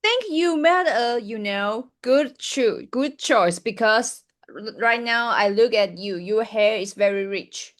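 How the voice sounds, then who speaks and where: A woman's voice: fairly high pitch, slow, a bit bright. A woman host asking interview questions in simple, careful English.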